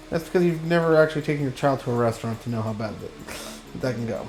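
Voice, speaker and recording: A man's voice: mid-range voice, fast, reverberant, soft background music. A man streaming a video game, chatting casually and reading the game's lines aloud. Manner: relaxed, reads game dialogue aloud. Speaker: gaming streamer. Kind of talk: casual gameplay commentary.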